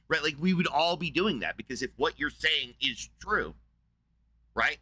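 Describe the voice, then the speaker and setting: A man's voice: a little high, lively intonation, moderate pace, bright, forceful tone, no echo, rough recording. A man with a Southern US accent, hosting a heated debate in a brash, profane and mocking way. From Southeast United States. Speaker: debate show host.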